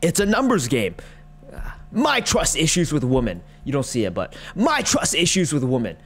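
A man with a fairly high voice rants through a reaction commentary. He is mocking and exasperated, and he swears freely. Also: wildly swooping pitch, moderate pace, slightly rough, faint music behind. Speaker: online commentator.

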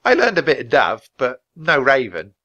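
A man's voice: mid-range voice, wildly swooping pitch, moderate pace, sharp tone, highs cut off, voice pushed up, exaggerated voice. A man voicing a cheerful, bold young knight in a storybook reading. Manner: calls out commands in short bursts.

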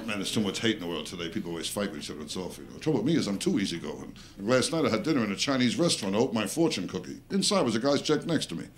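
A man's voice: fairly low pitch, big pitch swings, racing, hardly any pauses. A man doing live stand-up comedy on a club stage, firing off brash self-mocking one-liners and bantering with the audience. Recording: live club recording, loud crowd laughter and noise.

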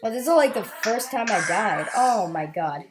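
A woman hosting a let's play, giving excitable, chatty and playful gameplay commentary. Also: mid-range voice, normal speed, noisy background. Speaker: gaming video host.

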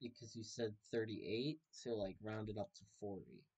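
A man's voice: fairly low pitch, moderate pace, a little mellow, husky. A young man casually commenting while he plays a video game, joking and reacting aloud to what happens on screen. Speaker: gaming video host. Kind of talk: casual let's-play commentary.

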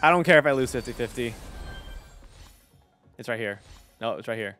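A man's voice: medium pitch, animated, normal speed, long pauses, sharp tone, no echo, faint music behind. A young man streaming casually as a voice director. He rambles and swears, with lots of fillers. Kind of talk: casual stream chat while playing.

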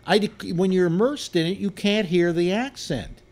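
A man hosting a casual panel chat, telling stories in a relaxed, rambling way with frequent restarts. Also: high voice, moderate pace. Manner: chatty, storytelling, trailing restarts. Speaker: host.

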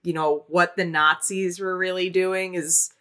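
A woman co-hosting a podcast, chatting casually about a film in an animated, rambling way full of restarts. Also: lowish voice, unhurried. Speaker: podcast co-host. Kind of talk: casual film-review chat.

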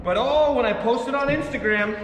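In an echoey indoor skate park with long reverb and faint noise, a skateboarding vlogger explains a trick in a very high voice, speaking fairly quickly. His casual tutorial is full of frustration and frequent swearing.

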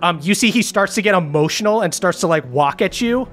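A man's voice: sits high, animated, fairly quick, fairly bright tone. Laughing, swearing game master man. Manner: casual, laughing, swears a lot. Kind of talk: narrating a comedic tabletop game.

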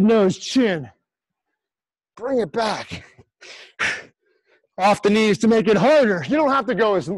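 An American fitness coach with a voice that sits high leads a livestream workout, breathless and encouraging as he counts down reps. The recording is rough but has no echo.

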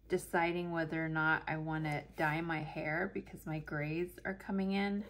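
A woman in her late forties talks to her viewers in a chatty, self-mocking way while she plans. Her voice sits a little low, and a faint hiss runs under the recording. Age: 40s. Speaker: planner vlogger. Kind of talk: casual chat to camera while planning.

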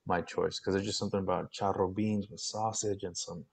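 A man's voice: deep voice, level tone, fairly quick, creaky, darkish tone, slightly rough. A man co-hosting a podcast in a laid-back, teasing casual chat. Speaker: podcast co-host.

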